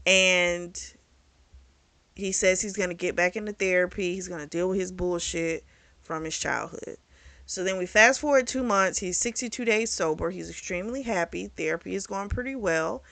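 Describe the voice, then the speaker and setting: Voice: mid-range voice, normal speed, gravelly, sharp tone, dry recording. A book reviewer casually retelling a novel's plot in a candid, profane, chatty way.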